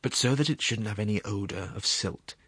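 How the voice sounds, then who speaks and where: A man's voice: fairly low pitch, a little fast, a bit bright, slightly rough, dry recording. A man voicing a gluttonous male clerk who describes food in a rapturous half whisper. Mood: dreamy.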